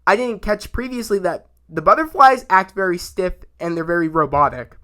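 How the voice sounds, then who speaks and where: A young man giving a casual spoken review of a TV episode, rambling and excitable, full of fillers and restarts. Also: sits high, moderate pace. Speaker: YouTube show reviewer.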